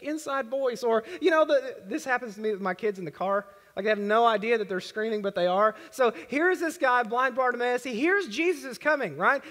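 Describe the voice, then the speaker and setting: Male pastor, very high voice, earnest and conversational sermon, long church-hall reverb. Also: a bit bright. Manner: conversational, earnest preaching with acted prayers. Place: church worship center.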